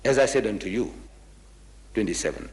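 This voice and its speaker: A man from South Africa with a South African accent, giving an animated public lecture on religion. He speaks emphatically and mockingly, and reads scripture slowly and solemnly. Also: fairly low pitch. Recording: reverberant hall sound.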